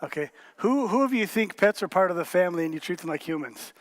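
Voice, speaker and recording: A man's voice: high-pitched, lively intonation, fast talker. A male pastor giving a joking, conversational sermon and polling his congregation. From rural area.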